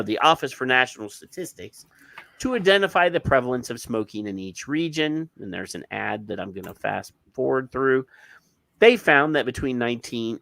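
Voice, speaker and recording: A man's voice: mid-range voice, fairly bright tone, dry recording. A man co-hosting a casual podcast, reading news stories aloud with blunt, rambling asides and many restarts. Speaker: podcast co-host. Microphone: headphones and studio mic.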